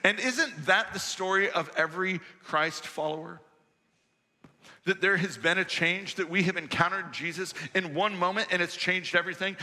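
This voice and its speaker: Bright-voiced male pastor preaching a sermon. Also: high-pitched, big-room sound. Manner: measured, emphatic with rhetorical questions. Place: church sanctuary.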